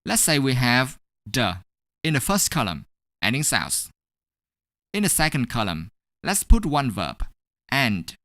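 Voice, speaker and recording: A woman teaching English pronunciation in a scripted online lesson, over-articulating each sound slowly and deliberately. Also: rumbling low, fairly bright tone, no room sound, studio quality.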